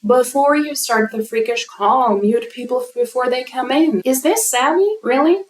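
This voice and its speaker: A woman's voice: high-pitched, moderate pace. A German-speaking woman with a German accent, commenting on a recording in an exasperated, mocking way. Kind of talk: reaction commentary. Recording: roomy room sound.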